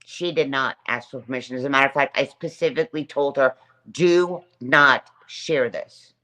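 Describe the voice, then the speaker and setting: A woman's voice: rumbling low, normal speed, sharp tone. A woman hosting her own livestream, telling a long aggrieved story and greeting chat viewers by name. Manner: aggrieved, repetitive, reads chat names aloud. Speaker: livestream host. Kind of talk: casual livestream rant.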